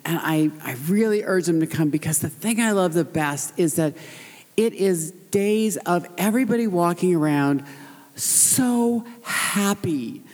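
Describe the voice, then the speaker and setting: A panel guest speaks with heartfelt emotion, halting and near tears. The voice has an average pitch. Long reverb from a large convention hall carries every word. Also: darkish tone.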